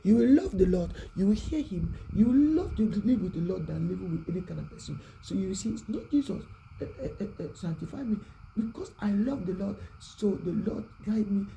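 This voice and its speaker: A preacher giving a prayerful, repetitive exhortation, often dropping to a hushed voice. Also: medium pitch, expressive, brisk, creaky, a little hiss or hum, rough recording.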